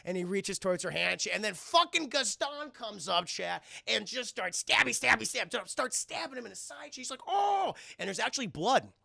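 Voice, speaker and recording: Gravelly, bright-voiced male streamer. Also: high-pitched, moderate pace, few pauses, no echo, studio quality. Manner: profane, animated, keeps addressing chat. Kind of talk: casual film recap.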